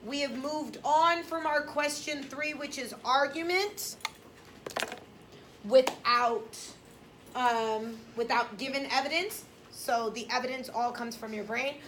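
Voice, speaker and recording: A woman teaching a high school English class, lecturing in a blunt, sassy, emphatic way. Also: unhurried, hardly any pauses, background noise.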